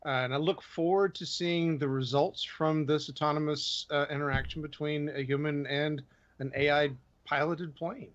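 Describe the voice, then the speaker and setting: A man's voice: fairly high pitch, steady tone, moderate pace, highs cut off. A man co-hosting a casual livestream, reading out tech news with frequent ums and uhs. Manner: reads news items with many ums and uhs.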